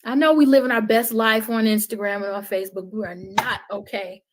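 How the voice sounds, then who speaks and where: A middle-aged woman talking passionately as a podcast guest, preachy and swinging between loud outbursts and hushed words. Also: a little high, steady tone, a little fast, noisy background.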